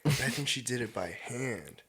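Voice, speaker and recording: Male podcast host, casual and animated, slangy interjector. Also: mid-range voice, husky. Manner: animated, quick reactions, slangy. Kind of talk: casual chat.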